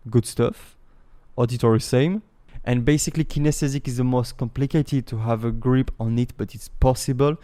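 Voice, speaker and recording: Mellow-voiced man explaining a meditation technique. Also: mid-range voice. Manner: animated, explanatory, swears casually. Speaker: meditation teacher. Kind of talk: casual spoken teaching.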